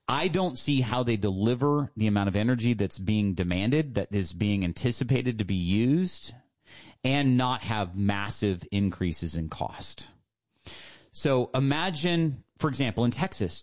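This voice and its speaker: Emphatic male radio host making a pitch. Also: darkish tone. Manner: emphatic, persuasive, repeats key points.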